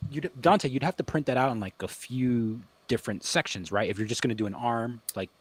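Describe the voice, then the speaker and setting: A man on a casual podcast, curious and asking questions, with quiet agreement. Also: mid-range voice, fairly quick. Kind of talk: casual chat.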